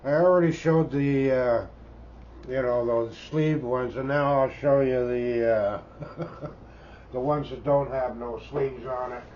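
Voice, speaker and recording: An older Canadian man in his seventies talks slowly and folksily, wandering off on asides and tacking "eh?" onto his remarks. His voice comes through dull and lo-fi, with a faint hiss underneath. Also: medium pitch, steady tone, darkish tone. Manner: rambling, folksy, tags remarks with "eh?". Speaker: record collector. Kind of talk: casual show-and-tell chat. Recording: dull lo-fi sound with faint background noise.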